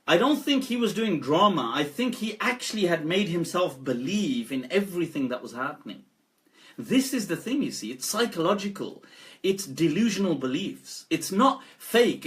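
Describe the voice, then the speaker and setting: A scholar talking casually on a live stream, animated and laughing often as he speaks. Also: on the high side. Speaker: Islamic scholar.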